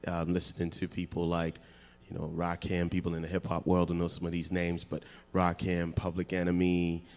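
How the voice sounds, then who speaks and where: Very deep-voiced man, laid-back answers. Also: monotone, moderate pace, darkish tone. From West Africa. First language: not English. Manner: laid-back, modest, many fillers. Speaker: musician guest. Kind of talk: interview answers. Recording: long hall reverb.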